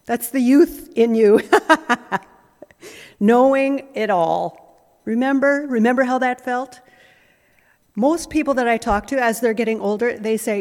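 Slow, unhurried woman preaching in a hall. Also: a little high, darkish tone. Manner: measured, with frequent pauses and repetition. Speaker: pastor. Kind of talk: sermon. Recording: reverberant hall.

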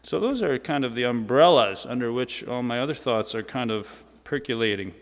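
A man's voice: medium pitch, lively intonation, normal speed. A man giving a sermon in a church, speaking in a conversational way with informal asides. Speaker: preacher. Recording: reverberant church hall.

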